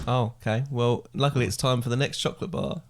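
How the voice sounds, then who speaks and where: A man's voice: mid-range voice, fairly even intonation, quick pace. A young man on a casual family podcast, joking in a dry, teasing way as a quiz contestant. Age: young adult.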